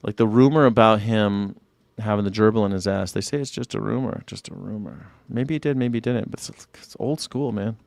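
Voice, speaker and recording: A man's voice: lowish voice, brisk, creaky, dry recording. A man hosting a live news reaction show, talking loosely and profanely in rambling rebuttals. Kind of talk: casual reaction commentary.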